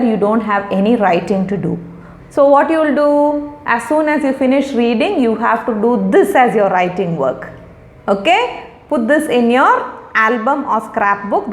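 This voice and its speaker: A woman's voice: fairly high pitch, lively intonation, normal speed. A middle-aged woman teacher, patiently sounding out and explaining words for young children. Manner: patient, repeats and explains each word. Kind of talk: recorded lesson for young children. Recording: echoey room.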